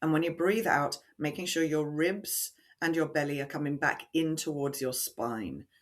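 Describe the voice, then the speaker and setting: A woman with a low-sitting voice guides breathing exercises as a voice coach on a podcast interview, describing techniques with deliberate resonance and a measured delivery.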